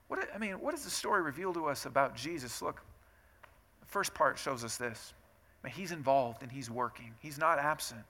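A man preaching a sermon with a bright, forceful voice pitched a little high. He talks to the congregation in an easy, conversational way, then swells into loud, emphatic stretches. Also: lively intonation, moderate pace. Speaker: pastor.

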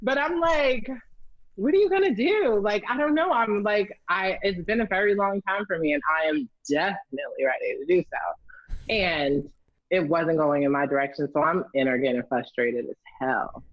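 A woman's voice: low-pitched, normal speed, no echo. Young woman, candid and profane storyteller, dry slightly dull podcast sound. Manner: blunt, candid and profane, lively animated retelling. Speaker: storyteller guest. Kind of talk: casual storytelling chat.

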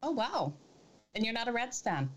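A woman co-hosting a sports betting show, upbeat and quick to laugh while making her picks. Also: fairly high pitch, big pitch swings. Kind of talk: casual sports betting chat.

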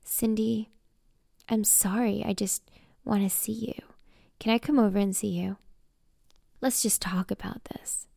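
A hotheaded teenage boyfriend, now pleading and pushy, read by a woman in her own voice. Her tone is gravelly, and the recording sounds dry. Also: mid-range voice, fairly even intonation, a little slow, pauses often, warm tone, no echo.

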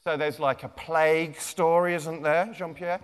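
A high-voiced man talks in a jokey, chatty way to a young crowd. He is a children's author giving a live comic talk. His voice rings out with a long reverb in a big lecture theatre. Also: steady tone, measured pace, smooth.

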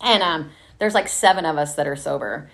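A woman's voice: deep voice, a little fast, gravelly. A woman from Texas telling her recovery story in a casual, chatty way, swearing freely and laughing often.

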